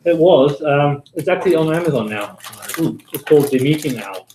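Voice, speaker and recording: A man's voice: on the high side, expressive, moderate pace, dark tone. A man chatting and joking casually with others at a user group meeting. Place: meeting room. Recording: roomy meeting room, faint noise.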